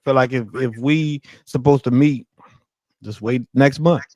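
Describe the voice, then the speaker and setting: Laid-back male caller on a stream, low-key delivery, dry and close audio. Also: measured pace, a little mellow, no room sound, rough recording. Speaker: guest on a livestream. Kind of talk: casual livestream chat.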